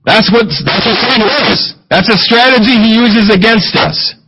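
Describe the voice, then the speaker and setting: Bright-voiced male preacher, husky tone. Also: sits high, lively intonation, moderate pace, low-quality recording. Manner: plain conversational preaching with scripture readings. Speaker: pastor. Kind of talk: sermon.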